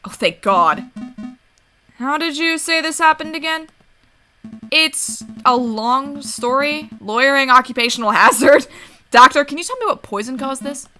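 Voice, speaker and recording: A woman doing a flustered young lawyer guy, earnest and quick to protest, bright voice. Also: high-pitched, faint music behind, pitched above the performer's own voice. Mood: anxious. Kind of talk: game voice-over reading.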